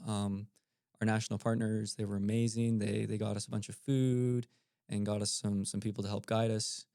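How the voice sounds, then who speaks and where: A man telling stories as a podcast guest, relaxed and animated, with the odd filler um. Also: lowish voice, no room sound, studio quality. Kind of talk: casual storytelling.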